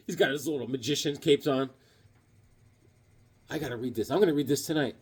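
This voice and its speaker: A man chatting casually as he unboxes comics, excitable and gushing, cracking jokes as he goes. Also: on the high side, a little fast, long pauses, breathy edge. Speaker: comic collector vlogger.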